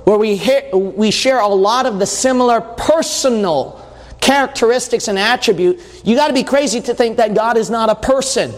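A man's voice: very high-pitched, normal speed, in a large hall. A man preaching a sermon, reading scripture aloud and asking his listeners questions in a conversational way.

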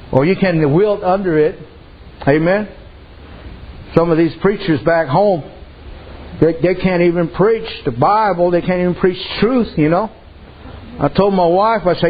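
On a muffled recording, a man with a high, breathy-edged voice preaches at a normal speed. He is a pastor from a Native American reservation community who tells folksy stories and acts out the voices of their characters.

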